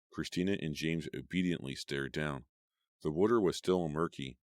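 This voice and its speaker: A man narrating a horror audiobook in a steady, measured storytelling voice. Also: extremely low pitch, no echo, clean studio sound.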